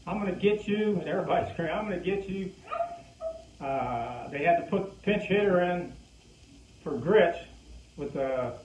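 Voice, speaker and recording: A man's voice: fairly high pitch, a little hiss or hum. Older man telling a baseball story, echoey. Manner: lively storyteller acting out quoted lines. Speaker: former pitcher telling a story. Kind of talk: anecdotal storytelling. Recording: distant echoey muffled recording.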